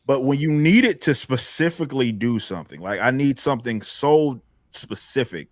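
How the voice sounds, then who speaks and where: A man hosting a casual livestream panel, talking in halting, rambling sentences with many restarts. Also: mid-range voice, expressive, no room sound, studio quality. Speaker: stream host.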